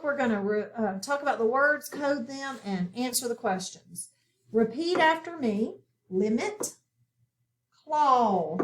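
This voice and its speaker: A woman teaching a phonics lesson to children, speaking slowly and clearly with patient classroom instruction. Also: high voice. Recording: echoey room, voice from far off.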